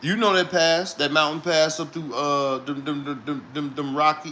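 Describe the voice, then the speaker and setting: A man's voice: a little high, steady tone, brisk, bright, forceful tone, a little hiss or hum. Profane, laughing man telling road stories. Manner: profane, rambling, laughing between lines. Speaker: truck driver telling a story. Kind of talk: casual storytelling.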